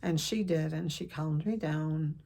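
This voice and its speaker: An older woman telling a personal family story to camera, earnest and emotional, with pauses and restarts. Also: sits low, vocal fry, warm tone. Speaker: counselor vlogger.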